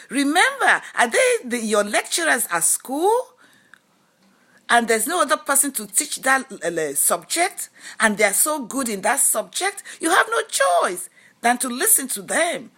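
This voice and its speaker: A woman speaks in a husky, slightly high voice that swoops up and down as she lectures. She drives her points with rhetorical questions and emphatic, preachy advice in a motivational vlog. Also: big pitch swings, unhurried, pushed and bright. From lives in Canada. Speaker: lifestyle vlogger. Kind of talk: motivational talk to camera.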